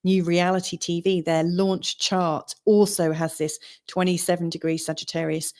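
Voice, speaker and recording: A woman co-hosting a casual live-stream show as an astrologer, talking in a relaxed way with many fillers, her voice a little strained. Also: fairly low pitch, normal speed. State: losing her voice. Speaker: co-host and astrologer.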